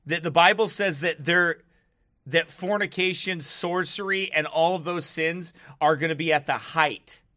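Man, slightly high and very bright tone, dry close sound; rambling, sarcastic ranter who swings into preachy bursts. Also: a little slow, dry recording. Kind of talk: casual monologue to camera.

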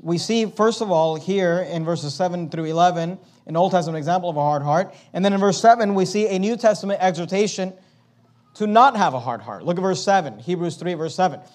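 A male pastor preaching an expository sermon, slowing down and stressing the scripture he quotes. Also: sits high, animated, darkish tone.

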